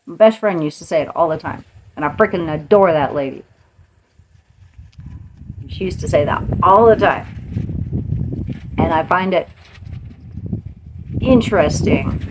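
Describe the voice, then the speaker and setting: Brief: middle-aged woman host, low-pitched, playful pep talk with frequent laughs. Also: a little slow, long pauses, background noise. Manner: playful, laughs often, slips into voices. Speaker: podcast host. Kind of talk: motivational monologue.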